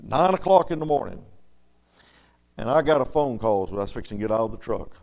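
A man preaching a storytelling sermon in a folksy way, dropping to soft murmurs and rising to loud, emphatic lines. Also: mid-range voice, expressive, a little fast, vocal fry.

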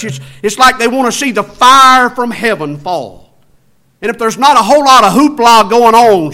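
A man preaching a sermon as pastor. He swings between loud emphatic passages and hushed, drawn-out low phrases, and keeps asking the congregation rhetorical questions.

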